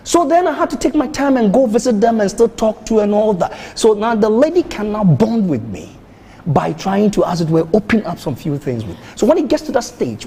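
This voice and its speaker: A man's voice: sits high, darkish tone, slightly rough, big-room sound. A man who is a guest on a TV talk show, telling stories and acting out the dialogue he quotes. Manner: storytelling, acts out quoted dialogue. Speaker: guest speaker.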